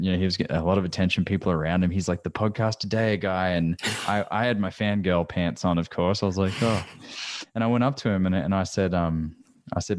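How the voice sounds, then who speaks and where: A man with a very deep voice hosting a podcast. He talks haltingly and repeats words while he gathers his thoughts. The sound is dry and close to the mic. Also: dry recording. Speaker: podcast host. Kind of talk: casual interview chat.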